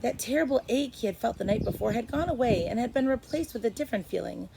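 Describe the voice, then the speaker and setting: A woman teacher reading a chapter book aloud to first graders, expressive and stopping to explain. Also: a little high, fast, vocal fry, noisy background. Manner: expressive, stops to explain to kids.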